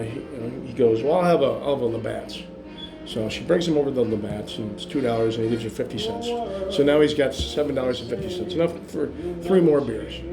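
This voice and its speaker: A man telling a long bar joke in a rambling, filler-heavy way, getting louder and more animated as he goes. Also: gravelly. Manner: rambling storytelling with many fillers, growing louder and higher toward the punchline. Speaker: joke teller.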